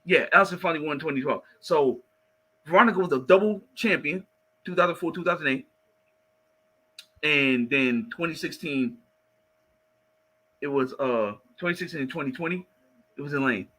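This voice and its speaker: A man co-hosting a track talk show, calmly going through medal counts before pushing his point harder. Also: fairly high pitch, husky, poor audio. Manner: measured, reciting stats, building to emphasis. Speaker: co-host called coach. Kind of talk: sports talk.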